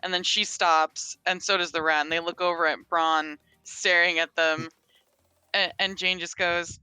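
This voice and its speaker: A woman casually narrating her character's moves in a tabletop game. Her voice is bright and sounds close and dry, with faint music underneath. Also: on the low side, level tone, measured pace, clear, resonant tone, dry recording. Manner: casual, filler-heavy. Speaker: player.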